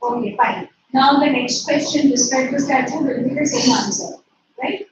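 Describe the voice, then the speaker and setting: Lady teacher, high voice, slow dictation, echoey far off muffled recording. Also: steady tone. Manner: slow dictation, repeating and spelling words. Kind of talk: dictating a class lesson. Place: classroom or online class. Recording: echoey, distant, muffled with noise.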